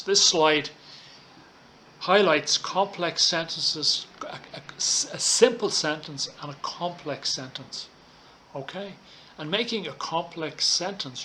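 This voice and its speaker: A male English teacher talks students through his lesson slides at an unhurried pace, spacing out each point. His voice sits a little high and sounds bright and clear. A faint room ambience hangs behind him. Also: slight background noise. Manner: slow, deliberate teacher talk with frequent "okay"s. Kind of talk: recorded online lesson, explaining slides. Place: Thailand.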